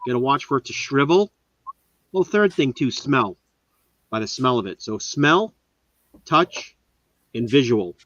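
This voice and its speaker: A man's voice: medium pitch, animated, measured pace, long pauses, fairly bright tone, no echo. Man chatting on a lo-fi live stream. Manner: enthusiastic, rambling show-and-tell. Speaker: host. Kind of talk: casual live-stream chat. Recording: dull lo-fi sound.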